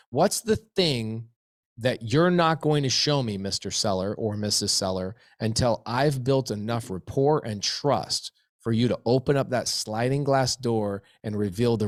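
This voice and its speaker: A man's voice: medium pitch, dry recording, studio quality. A man being interviewed, telling business stories with emphatic repetition. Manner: emphatic, repeats phrases for effect. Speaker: interview guest, real estate investor. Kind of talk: energetic storytelling in an interview.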